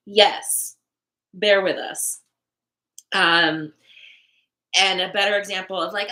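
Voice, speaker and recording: A young woman with a bright, crisp voice hosts a casual live stream, talking straight to her viewers. She is candid and swears freely, laughs often, and drops in the odd Spanish word. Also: fairly low pitch, measured pace. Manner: mixes in Spanish words. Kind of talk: casual live stream chat about manifesting.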